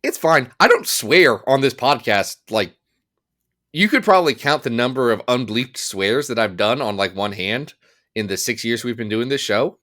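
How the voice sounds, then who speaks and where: A man co-hosting a podcast in loose, joking banter. His pitch swings widely as he teases himself and his co-host. He sits at a mid-range pitch, playful and animated throughout. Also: moderate pace. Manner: playful, self-mocking, animated. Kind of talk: casual comedic chat.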